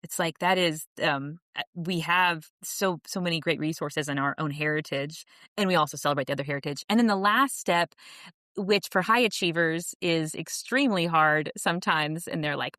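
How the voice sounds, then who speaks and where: Podcast guest: woman, lowish voice, earnest and reflective, casual talk with restarts, dry close sound. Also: normal speed, sharp tone, no room sound. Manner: earnest and reflective, many restarts, laughs easily. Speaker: podcast guest, author and coach. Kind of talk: casual interview conversation.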